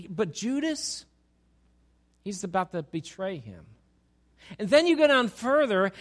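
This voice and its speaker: Man, pastor, sermon, animated, rhetorical questions, high-pitched.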